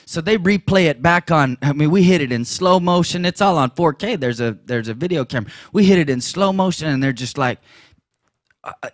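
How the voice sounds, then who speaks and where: A man giving a personal testimony at a church gathering, telling the story with laughs and sudden loud bursts. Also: a little high, animated, brisk, hardly any pauses, no echo, clean studio sound.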